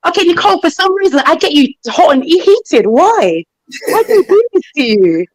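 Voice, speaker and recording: High, lively woman teasing on a panel. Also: normal speed, dry recording, rough recording. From Jamaica. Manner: teasing, crude and flirtatious. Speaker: panelist on a live online talk panel. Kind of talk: casual live panel banter.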